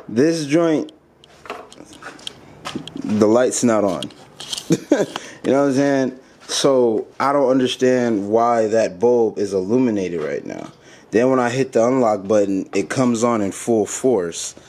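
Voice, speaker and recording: A man's voice: fairly low pitch, unhurried, darkish tone. A man vlogging a car modification, talking casually to viewers and sounding exasperated. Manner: frustrated, exasperated, laughing it off. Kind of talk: casual vlog.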